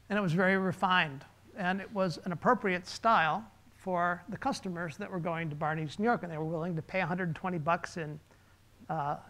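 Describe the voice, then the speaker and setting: A man, a designer, giving a relaxed, conversational presentation with slides, pausing with fillers. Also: sits high.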